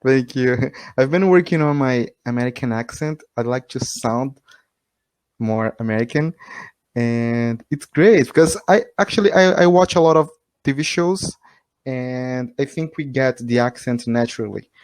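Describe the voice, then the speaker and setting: A man whose first language is Portuguese, speaking English on a video call as a learner. He hesitates and repeats words, often breaking into light laughter. His mid-pitched voice sounds dry and close. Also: a little slow, darkish tone, clean tone, no echo. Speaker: English learner, channel host. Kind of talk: casual video-call chat.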